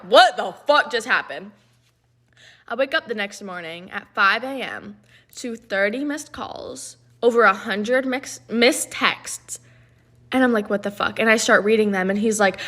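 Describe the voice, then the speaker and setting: A woman's voice: medium pitch, pushed and bright. A young woman telling a rambling, profane personal story in casual chat, full of "like".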